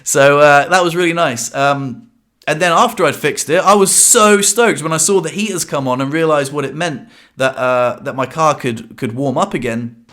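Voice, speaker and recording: A man's voice: fairly high pitch, normal speed, a bit bright. A young man vlogging to camera in a casual, upbeat way, talking in loose runs full of fillers and restarts.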